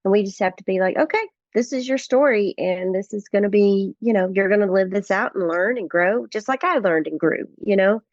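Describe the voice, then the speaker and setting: A woman's voice: mid-range voice, steady tone, brisk, few pauses, no room sound, lo-fi sound. A middle-aged woman, a guest author, telling family stories in earnest in a podcast interview and acting out the dialogue.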